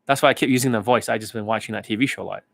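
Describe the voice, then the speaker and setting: A man's voice: on the low side, very fast, gravelly, fairly bright tone, no echo. A man talking to his viewers as a dating coach in a rambling, blunt monologue, swearing casually.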